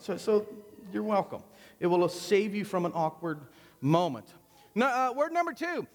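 High-voiced joking pastor in echoing church. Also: male voice, animated, moderate pace. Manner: conversational and joking. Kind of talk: sermon. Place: church sanctuary.

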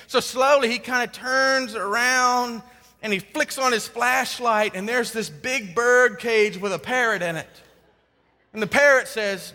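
A male pastor preaching a sermon, swinging between loud emphasis and hushed tones. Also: very high voice, normal speed. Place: church sanctuary with a congregation. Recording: long hall reverb.

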